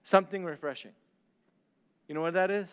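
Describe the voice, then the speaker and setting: A male pastor preaching a sermon, swinging between loud declarations and hushed, slow lines. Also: sits high, big-room sound, heavy background noise.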